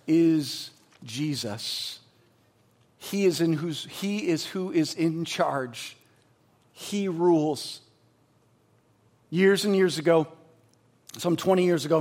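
A man in his forties, a pastor, preaching a sermon with energetic storytelling and emphatic, rising delivery. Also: a little high, slow, long pauses.

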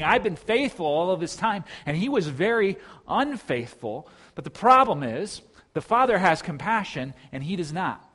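A man's voice: fairly high pitch, fairly bright tone, breathy edge. A man pastor preaching an earnest sermon, often restarting his sentences.

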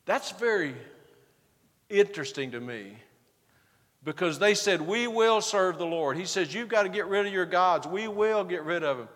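A man's voice: high-pitched, animated, normal speed, a bit bright, in a large hall. A man preaching a sermon as pastor, building to emphatic bursts and acting out the back-and-forth quotes of the passage.

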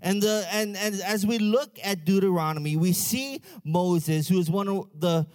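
Brisk man opening a sermon. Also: high voice, a little mellow. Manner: quick, casual, reads scripture aloud. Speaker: preacher.

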